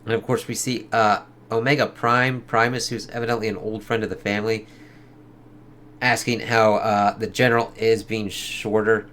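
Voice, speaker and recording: A man's voice: on the low side, level tone, normal speed, a bit bright, slight background noise. A man giving a casual, rambling spoken review of a comic book, swearing a lot. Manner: rambling, heavy swearing, lots of fillers.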